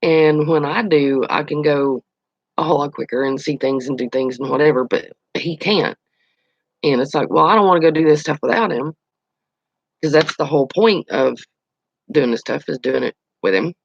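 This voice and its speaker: A man's voice: a little high, normal speed, gravelly, no echo, dull audio. A man hosting his own channel, chatting casually on a live stream, telling stories and answering viewer comments. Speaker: channel host.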